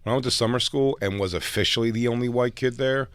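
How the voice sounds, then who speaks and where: A middle-aged man telling a story in casual chat as podcast co-host, crude and joking with quick banter. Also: mid-range voice, fairly bright tone, clear, resonant tone, no echo.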